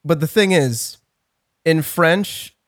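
A man's voice: fairly high pitch, takes it slowly, fairly bright tone. A young man co-hosting a podcast, telling a rambling story in casual chat, swearing and laughing often. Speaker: podcast co-host.

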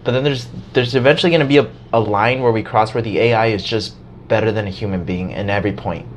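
A man in casual podcast chat, talking in an animated way, swearing and laughing as he tells a story. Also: fairly low pitch, fast talker, a little hiss or hum.

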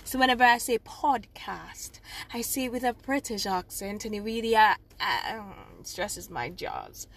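A woman, hosting her own podcast in a rambling, casual solo chat with sudden loud outbursts. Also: medium pitch, normal speed, hardly any pauses. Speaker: podcast host.

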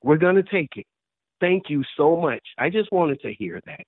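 A man in his forties calling in to a show, speaking haltingly and repeating words as his voice rises with emotion. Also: fairly high pitch, expressive, no room sound. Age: 40s. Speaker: caller. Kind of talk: emotional phone call to a show. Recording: tinny dry phone line.

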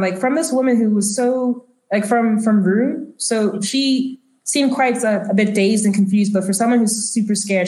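A woman narrating a tabletop game as game master, in a chatty, filler-heavy way at a middle pitch. Her voice bounces around an echoey room. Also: a little mellow.

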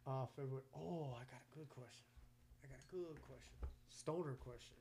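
A man's voice: mid-range voice, a little fast, background noise. A man hosting a podcast in casual chat, slangy and profane, often stammering as he restarts his sentences. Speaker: podcast host.

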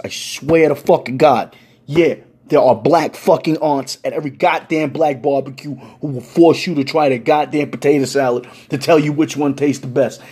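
Young male podcast storyteller: husky, slightly high voice, swears freely, lively comic timing. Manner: profane, animated, playful. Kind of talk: comedic storytelling.

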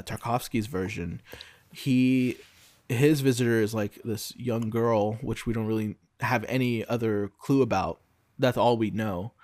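A man from Brazil casually discussing film adaptations on a podcast, often pausing to search for words. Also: lowish voice, darkish tone, no echo. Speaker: podcast co-host.

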